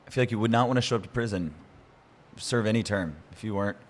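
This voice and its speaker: Lower-voiced podcast host. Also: male voice, fast talker, a little hiss or hum. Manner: curious, asks open questions. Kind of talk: interview questions.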